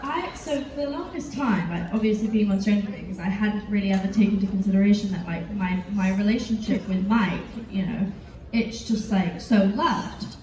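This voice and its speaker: Speaking at normal speed with a medium-pitched voice, a woman fields fan questions on a convention panel, wandering through stories full of fillers and giggles in a casual Q&A. She sounds far off in an echoey, noisy convention hall.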